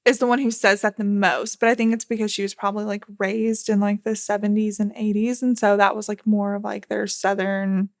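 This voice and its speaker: A woman's voice: mid-range voice, level tone, a little fast, hardly any pauses, dry recording, studio quality. A woman from the American South co-hosting a casual podcast chat, rambling with lots of fillers and laughing often. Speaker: podcast co-host.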